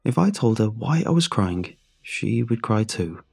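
Low, husky male horror narrator. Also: sing-song. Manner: measured, somber storytelling. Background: faint music.

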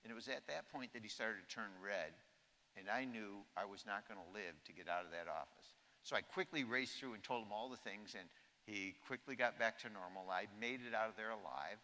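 A man in his sixties gives an anecdotal keynote speech in a large conference hall, telling humorous stories and acting out quotes. His lowish voice is brisk, bright, and forceful. The hall's echo is audible in the recording.

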